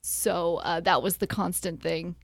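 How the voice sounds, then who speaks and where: A woman's voice: on the low side, fairly even intonation, a little slow, creaky, no room sound, clean studio sound. A woman chatting on a comedy podcast, telling a story with giggles. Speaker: podcast co-host. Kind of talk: casual comedy podcast chat.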